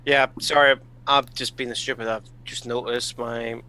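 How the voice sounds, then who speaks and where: A man's voice: mid-range voice, level tone, measured pace, bright, forceful tone, clear, resonant tone, rough recording. A man playing in an online tabletop game, chatting casually and often adding "you know". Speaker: player.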